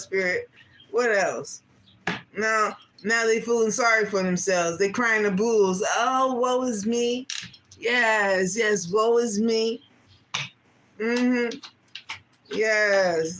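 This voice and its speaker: Slow-talking woman doing a tarot reading. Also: on the high side, fairly bright tone, a little hiss or hum. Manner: slangy, repeats "yes, yes" and asks Spirit aloud; laughs between card readings. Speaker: tarot reader.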